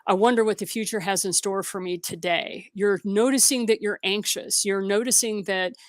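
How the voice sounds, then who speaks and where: A woman's voice: mid-range voice, steady tone, moderate pace, no echo, clean studio sound. A woman from Missouri, a guest entrepreneur in an interview, telling stories in a direct way and acting out the dialogue she quotes. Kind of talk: interview conversation.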